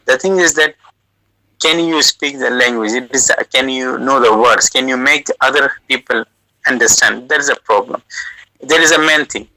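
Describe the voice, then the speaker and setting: Giving casual advice on language during an audio call, a UK-based man whose first language is South Asian speaks in a sharp, forceful, mid-range voice. He goes slowly, pausing with uh and restarting his phrases often. The poor audio is dry and close, with no echo.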